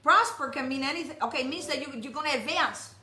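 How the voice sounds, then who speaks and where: A woman preaches with a high, piercing voice. She is forceful and commanding, and she calls out to the congregation. The sound echoes around the temple room. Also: fast. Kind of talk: sermon. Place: messianic temple.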